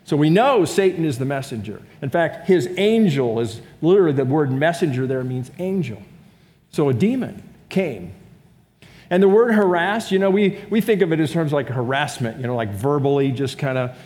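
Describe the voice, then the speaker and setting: A male pastor preaches conversationally, putting rhetorical questions to his congregation. His voice is on the high side and darkish, with lively intonation at a moderate pace, and a large room's long reverb trails behind him.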